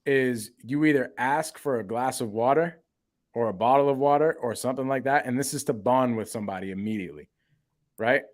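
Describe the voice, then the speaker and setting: A man's voice: mid-range voice, fairly quick. Slangy man telling sales stories. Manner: storytelling, slangy, acts out dialogue. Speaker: co-host, sales coach. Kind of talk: casual podcast chat.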